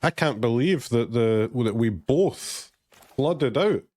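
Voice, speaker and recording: Streaming a card game, this man from Glasgow, Scotland, jokes, swears freely and chats sarcastically in a neutral streamer voice. He's medium-pitched and expressive with a darkish tone, speaking slowly, against slight background noise.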